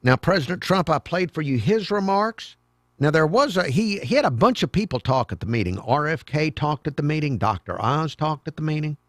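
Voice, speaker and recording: A man hosting a talk radio show, delivering a sarcastic, mocking monologue with sudden loud outbursts. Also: on the high side, very animated, fairly quick, dry recording, clean studio sound. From American South. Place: radio studio. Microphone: studio microphone.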